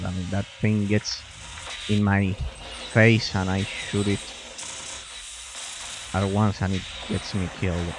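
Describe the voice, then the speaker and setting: A man's voice: lowish voice, noisy background. A man giving casual commentary while playing a video game, rambling with restarts and muttering to himself as he plays. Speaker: gameplay commentator. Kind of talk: casual let's-play commentary.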